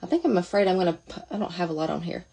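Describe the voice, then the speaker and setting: A woman's voice: fairly low pitch, expressive, rapid-fire, gravelly, dark tone, husky. A woman talking casually through a makeup demonstration, chatty and thinking aloud as she goes. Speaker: makeup seller demonstrating products.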